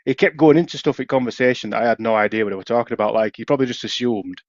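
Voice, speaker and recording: Racing along in a mid-range voice, a man from Yorkshire tells a long story during casual podcast chat where he's co-host. It rambles, with many restarts, frequent laughs, and swearing, and the lo-fi audio has no room sound.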